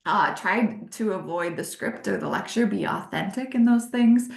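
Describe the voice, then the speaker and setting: A woman in her forties teaching a leadership webinar over a video call, animated and emphatic, leaning into key words. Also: medium pitch, normal speed, gravelly, roomy sound. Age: 40s. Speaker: leadership consultant hosting a webinar.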